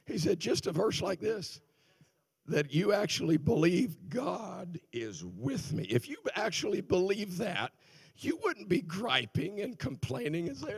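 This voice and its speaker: An older male preacher delivers a sermon with a lively, swooping delivery, his voice pitched a little high and edged with gravel. He shifts between ringing declarations and hushed asides, and the sound is close and dry. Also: unhurried, no room sound. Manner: animated preaching, swings from loud exclamations to quiet asides, laughs between points. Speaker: guest minister. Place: church sanctuary.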